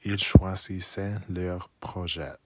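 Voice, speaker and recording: A man chatting casually on a late-night livestream, talking softly and often slipping into whispers as he repeats phrases aloud. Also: low voice, steady tone, takes it slowly, background noise. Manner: chatty with viewers. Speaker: art livestreamer.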